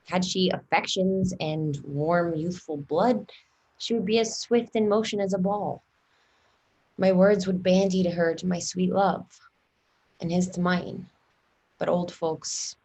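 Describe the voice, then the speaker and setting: A woman's voice: lowish voice, darkish tone. A woman reading the part of an eager young girl in love in a table read of a play, pleading and impatient. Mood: musing.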